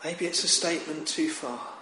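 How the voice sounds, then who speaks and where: A man preaching a sermon in a slow, measured, solemn manner, with emphatic rises on key lines. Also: on the high side, sharp tone. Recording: echoey room with faint ambient noise.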